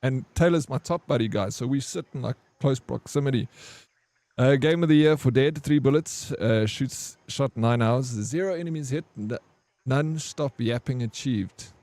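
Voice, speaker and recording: While streaming a game, a man with a medium-pitched, darkish voice tells a long, rambling story at a moderate pace. He swears plenty and says "bro" a lot, and there's no room sound.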